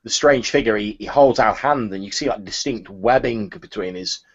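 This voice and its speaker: A man's voice: on the low side, normal speed. A man narrating as game master, describing scenes with small restarts. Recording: lo-fi audio.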